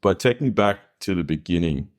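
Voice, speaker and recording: Male podcast host, very low voice, jokey and friendly with guests. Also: animated, normal speed. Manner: jokey, laughs at his own jokes. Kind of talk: casual interview chat.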